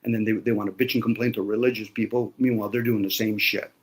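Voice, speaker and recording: A man's voice: on the low side, little pitch movement, quick pace. A man in a casual conversation, talking bluntly with lots of swearing and sarcasm. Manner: blunt, profane ranting.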